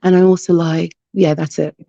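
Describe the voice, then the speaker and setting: A woman's voice: lowish voice, level tone, moderate pace, creaky, mellow, no echo, highs cut off. A woman on an online call who chats casually and protests earnestly. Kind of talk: casual chat.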